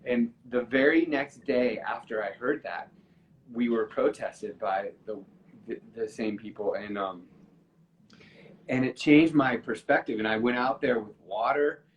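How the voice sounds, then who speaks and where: A man's voice: medium pitch, a little slow, lo-fi sound, slight background noise. A man chatting on a live stream, telling a story earnestly and emotionally, with many restarts. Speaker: musician guest on a live stream. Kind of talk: casual storytelling chat.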